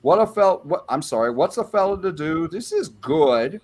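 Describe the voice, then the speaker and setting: A man's voice: a little high, lively intonation, moderate pace. A man on a panel, going through an album track by track and giving his opinions in a casual way.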